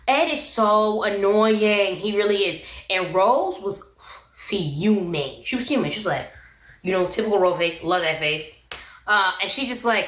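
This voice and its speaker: A recap and review vlogger, this woman casually goes over a reality TV episode, opinionated and slangy and often bursting into laughter. Her medium-pitched, slightly bright voice moves at a normal speed in a reverberant space.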